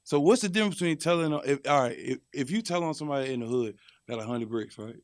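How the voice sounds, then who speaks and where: A young man with a high, swooping voice rants profanely as a podcast guest. He sounds close and dry, with no room around him. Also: fast, dry recording. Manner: animated, profane, ranting. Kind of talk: casual podcast chat.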